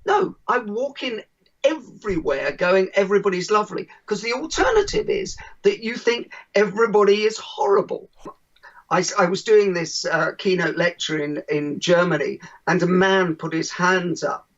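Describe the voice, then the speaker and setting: A man's voice: high voice, lively intonation, moderate pace. A man, a keynote speaker being interviewed as a podcast guest, who talks animatedly and acts out the people he quotes, on a dull lo-fi recording.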